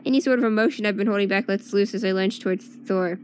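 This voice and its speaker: A woman reading a first-person story aloud in an expressive, emotional way. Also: mid-range voice, quick pace, a little hiss or hum. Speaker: fan fiction reader.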